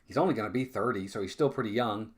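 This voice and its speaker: Speaking quickly in a fairly low voice, a fan streamer calls live baseball play-by-play. His style is casual and chatty, with frequent repeated words and remarks aimed at his viewers.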